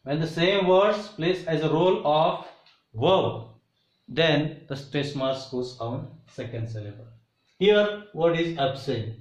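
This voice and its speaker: Slow-paced man teaching. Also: on the high side, expressive, echoey room, rough recording. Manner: slow, deliberate, repeats example words. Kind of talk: pronunciation lesson.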